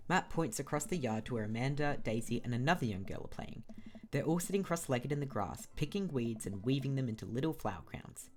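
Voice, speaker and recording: Very low-voiced Australian woman. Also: expressive, brisk, darkish tone. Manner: wry asides, reads all parts. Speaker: game streamer. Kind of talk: reading a game playthrough aloud.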